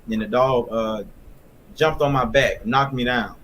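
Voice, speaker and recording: Plain mid-pitched man telling a story. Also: fairly bright tone, slight background noise. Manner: plain, halting with fillers. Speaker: guest. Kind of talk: casual storytelling.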